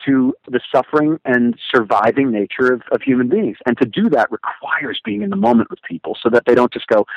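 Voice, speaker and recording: Male guest, middle pitch, lively storyteller on a close, dry mic. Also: fairly quick, no echo, muffled recording. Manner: animated storytelling with emphatic repetitions. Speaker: guest, motivational speaker. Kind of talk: casual conversation.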